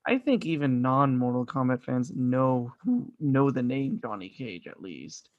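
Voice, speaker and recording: A man's voice: medium pitch, lively intonation, unhurried, dry recording, lo-fi sound. A man chatting casually as a podcast co-host, enthusiastic and rambling, swearing often. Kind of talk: casual movie review chat.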